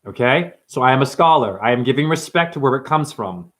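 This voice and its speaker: A man hosting a rambling livestream, talking brashly to his chat. He swears, calls viewers "honey" and "dumbass", and jumps between topics in quick asides. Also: mid-range voice, expressive, fairly bright tone. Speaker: livestream host.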